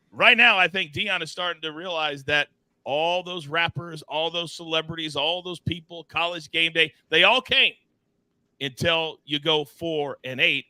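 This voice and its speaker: A man hosting a live sports betting show, teasing his co-hosts and reading chat in a playful, animated way. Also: fairly high pitch, clear, resonant tone, dry recording. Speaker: host.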